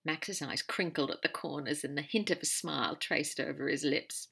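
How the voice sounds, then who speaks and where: A woman narrating a story in an expressive audiobook reading. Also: sits low, moderate pace, creaky, hardly any pauses, husky.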